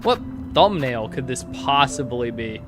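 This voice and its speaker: A man's voice: medium pitch, big pitch swings, measured pace, music in the background. A man live-streaming, casually reading online posts aloud to his chat and breaking off with sarcastic asides.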